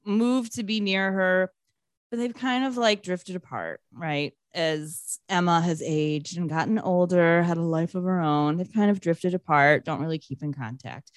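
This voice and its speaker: A woman co-hosting a podcast who recaps a movie casually, with lots of swearing and animated asides. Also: on the low side, a little slow, no room sound, clean studio sound. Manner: profane, animated storytelling. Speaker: podcast co-host.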